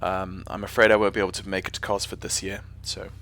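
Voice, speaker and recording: A man's voice: deep voice, little pitch movement, quick pace, gravelly, a bit bright. A man with an English accent chatting casually on a live stream while flying a simulator, rambling and often correcting himself. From England. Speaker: flight sim streamer.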